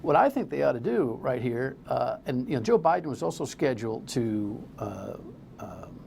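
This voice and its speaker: A middle-aged man from New Jersey hosting a talk radio show, blunt and rambling, his pitch jumping up when he gets worked up. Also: gravelly, a little mellow, a little hiss or hum.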